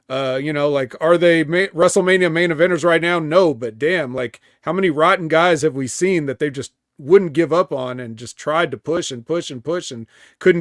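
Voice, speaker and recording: A man co-hosting a wrestling podcast over a remote call, recapping matches in a halting way with fillers. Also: on the high side, dry recording, studio quality. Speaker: podcast co-host.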